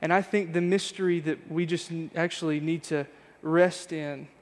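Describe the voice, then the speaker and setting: A man in his thirties preaches with earnest, searching intensity, stacking question on question. His voice sits a little high for a man. The sound carries the long ring of a church sanctuary. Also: steady tone, moderate pace, big-room sound. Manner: earnest, reflective, repeating rhetorical questions. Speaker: pastor. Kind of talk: sermon.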